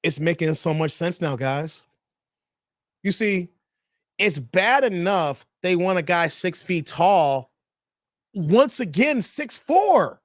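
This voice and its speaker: A man's voice: sits high, sing-song, slow, no room sound, studio quality. A man hosting a live stream, joking in slangy casual chat and reading out viewer messages.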